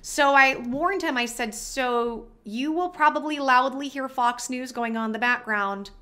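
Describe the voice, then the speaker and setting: Woman, high voice, bright and tense tone, casual storytelling, animated, chatty asides to viewers. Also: unhurried. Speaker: vlogger.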